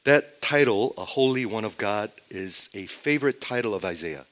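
Preacher swinging between booming and whispered. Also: male voice, animated, moderate pace. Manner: swings from loud emphatic statements to hushed whispers, repeats phrases. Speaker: pastor. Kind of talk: sermon.

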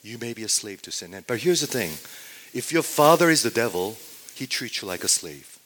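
A man preaching a sermon, often asking his congregation questions and swinging between loud declarations and near-hushed asides. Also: mid-range voice, big pitch swings, fairly quick. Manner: asks the congregation rhetorical questions. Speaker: pastor.

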